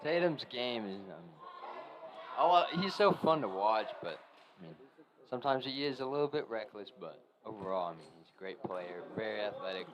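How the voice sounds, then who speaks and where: A man's voice: on the low side, sing-song, normal speed, crowd noise. A young man giving rambling color commentary with many fillers at a school basketball game. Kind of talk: local sports commentary.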